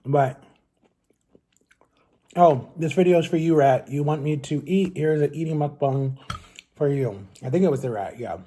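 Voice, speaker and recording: A young man speaks in a husky, slightly rough voice with a soft, mellow tone. He talks casually and earnestly to his camera at home. His sentences ramble and restart as he works through his thoughts. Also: a little high, moderate pace, long pauses. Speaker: vlogger.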